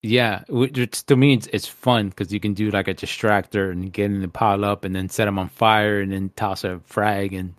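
Low-ish voiced dude hyped about games, swears a lot, dry sound. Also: male voice, fairly even intonation, moderate pace, few pauses, dry recording. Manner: enthusiastic, swears, says dude. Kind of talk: casual chat about video games.

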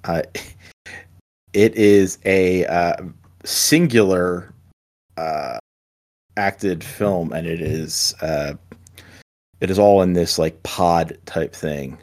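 Low voice guy, stop-start movie talk, keeps restarting sentences. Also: a little mellow. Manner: halting, repeats words as he starts sentences. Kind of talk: casual movie chat.

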